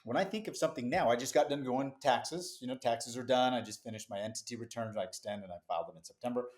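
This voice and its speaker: Brief: middle-aged man, podcast guest, lively storyteller, mid-pitched and chatty, quick asides, laughs easily. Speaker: business founder, podcast guest. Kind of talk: casual interview storytelling.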